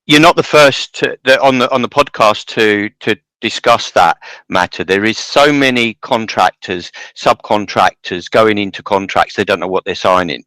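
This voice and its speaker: A man's voice: fairly low pitch, moderate pace, pushed and bright, no room sound, poor audio. A man hosting a podcast, talking in long rambling turns with many restarts. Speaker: podcast host. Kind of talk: casual podcast interview.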